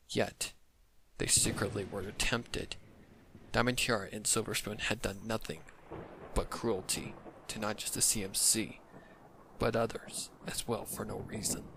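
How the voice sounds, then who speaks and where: A man reading dark fan fiction aloud, narrating in a low, measured way that often drops into whispers. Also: vocal fry. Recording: noisy home recording.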